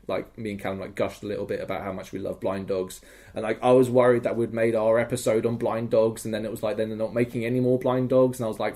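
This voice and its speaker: A man's voice: on the low side, flat delivery, fast talker, darkish tone. A young man talking as a podcast guest in casual chat, rambling and enthusiastic, swearing freely.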